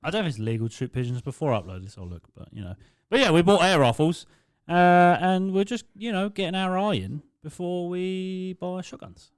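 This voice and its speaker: A man's voice: high-pitched, expressive, fairly quick, hardly any pauses, clean tone, dry recording, clean studio sound. A young man with an Essex accent co-hosting a podcast, talking in a blunt, offhand way with plenty of swearing. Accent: Essex English. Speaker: podcast co-host. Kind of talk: casual chat.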